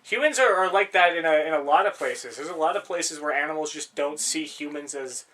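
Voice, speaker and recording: A man's voice: a little high, fairly quick, a bit bright. A young man co-hosting a podcast in casual chat, rambling and swearing freely, laughing often. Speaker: podcast co-host.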